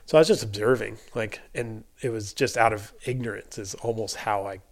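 Man, lower voice, race mechanic, casual storytelling, animated, filler-heavy. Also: brisk. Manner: animated, acts out quotes, many filler likes. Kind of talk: casual storytelling in a podcast chat.

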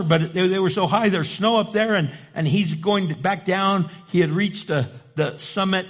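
A male preacher giving a sermon, emphatic and repetitive, driving points home with rhetorical questions. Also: sits high. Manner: emphatic, repeats key phrases, asks rhetorical questions.

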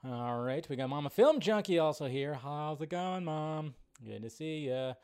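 A man's voice: on the high side, lively intonation, moderate pace, darkish tone, smooth. A man hosting a live film news stream, chatting loosely with viewers and rambling between greetings.

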